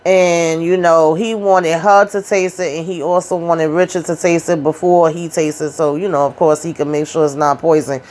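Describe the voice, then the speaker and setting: A woman's voice: deep voice, steady tone, moderate pace, hardly any pauses, a little mellow. A woman casually recapping a TV drama episode, acting out the characters' lines with slangy asides. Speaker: TV recap host.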